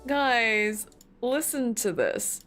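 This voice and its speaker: A woman streaming a game, chatting to her viewers in a giggly, animated way. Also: fairly high pitch, extremely slow, soft background music. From United States. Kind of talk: casual livestream chat.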